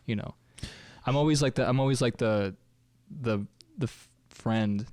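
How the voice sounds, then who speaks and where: A man's voice: medium pitch, unhurried, darkish tone, no room sound. Young male co-host, dry close sound, loose rambling delivery. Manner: rambling, full of fillers and trailing thoughts. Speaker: podcast co-host. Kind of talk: casual chat.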